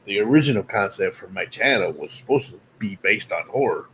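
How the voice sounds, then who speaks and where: A man hosting a loose late-night chat, tossing in joking asides. His voice is low but bright and edged with tension. A faint hiss sits under him. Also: lively intonation, a little fast. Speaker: host. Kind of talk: casual chat.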